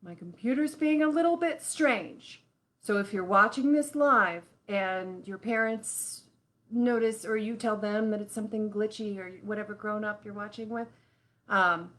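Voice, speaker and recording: A woman hosting a live children's lesson, talking straight to the kids in an expressive way full of sighs and exclamations. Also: a little high. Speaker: children's show host.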